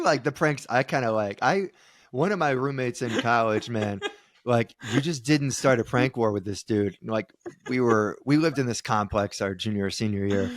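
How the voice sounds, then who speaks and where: A man's voice: mid-range voice, no echo, studio quality. A man co-hosting a podcast, chatting casually, laughing often and acting out quoted voices. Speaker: podcast co-host. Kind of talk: casual chat.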